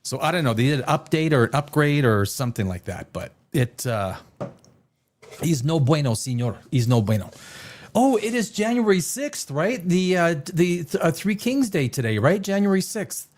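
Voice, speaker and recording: Animated, rambling man hosting a livestream. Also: on the high side, normal speed, few pauses. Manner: rambling, joking, laughs often. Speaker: livestream host. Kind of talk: casual livestream chat.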